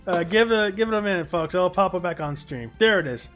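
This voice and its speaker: High-voiced man hosting a stream. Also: brisk, a bit bright, faint music behind. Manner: swears casually while directing players. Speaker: stream host. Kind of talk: casual gaming stream chat.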